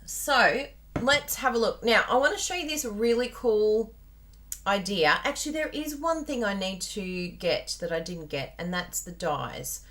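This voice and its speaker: A woman's voice: medium pitch, animated, a little slow, fairly bright tone. A woman with an Australian accent hosting a chatty live card-making tutorial, bubbly and talking straight to her viewers. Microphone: plugged-in microphone at a desk.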